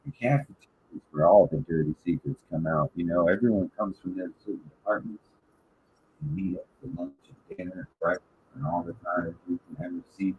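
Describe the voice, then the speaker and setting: A man's voice: low voice, fairly quick, vocal fry, phone-quality sound, background noise. A man from Michigan hosting a casual podcast, telling rambling, profanity-filled stories. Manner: profane, rambling, animated storytelling. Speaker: podcast host. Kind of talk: casual storytelling chat.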